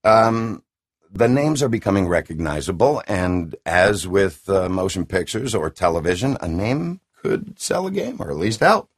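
A middle-aged man with a deep classic announcer voice, a video game voice actor chatting enthusiastically and rambling in an interview. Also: big pitch swings, normal speed, husky. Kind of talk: casual interview chat.

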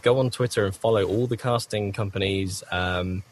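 Guesting as a voice actor, this British man has a somewhat low voice and talks at a normal speed. He answers interview questions at length from a home recording booth, wandering, correcting himself and breaking things up with frequent coughs, while a little hiss or hum sits under the audio.

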